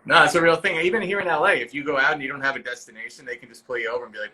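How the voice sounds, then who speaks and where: A man's voice: medium pitch, rapid-fire, pushed and bright, rough recording. A man hosting a casual live-stream chat from home, joking and reading out viewer questions. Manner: chatty, jokey, reads out viewer questions. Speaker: host of a live-stream interview. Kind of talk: casual video-call chat. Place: home, during lockdown.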